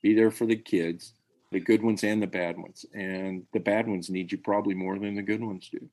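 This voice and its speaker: A man, a high school baseball coach, telling stories earnestly and emphatically in a podcast interview. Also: level tone, normal speed, darkish tone. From Tennessee.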